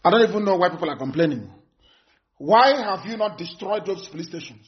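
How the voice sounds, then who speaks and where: A man giving a live broadcast address, delivering stern, repeated warnings that sometimes rise to shouts. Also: high-pitched, animated, fairly quick. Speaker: activist broadcaster. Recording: dull lo-fi broadcast audio.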